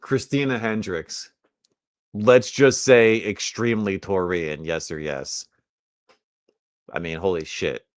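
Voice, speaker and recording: A man's voice: sits low, takes it slowly, pauses often, dry recording, studio quality. A man hosting a casual livestream chat, laid-back and teasing with crude banter. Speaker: host.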